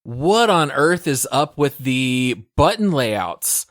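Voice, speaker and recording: A man co-hosts a relaxed podcast, speaking earnestly with a wry sense of humor. His voice is mid-pitched for a man. The recording is dry and close, with no room echo. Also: slow. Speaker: podcast co-host. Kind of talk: casual podcast chat.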